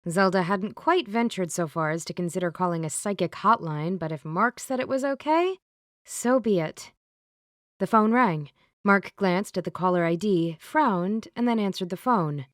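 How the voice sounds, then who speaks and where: A woman narrating a romance audiobook in a steady, clear storytelling manner. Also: mid-range voice, moderate pace, dry recording, clean studio sound.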